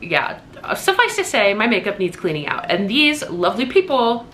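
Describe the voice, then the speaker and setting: A young woman with a bright, forceful voice gushes over her birthday gifts in a casual home vlog. She talks fast and excitably, dropping casual swears, with a faint hum of the room behind her. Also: medium pitch. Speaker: vlogger.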